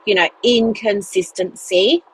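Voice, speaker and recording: A woman's voice: medium pitch, a little slow, slight background noise, low-quality recording. A woman, a business mentor, chatting casually in a solo podcast, telling stories with lots of fillers and playful asides. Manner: chatty, animated storytelling with many fillers and "guess what" asides.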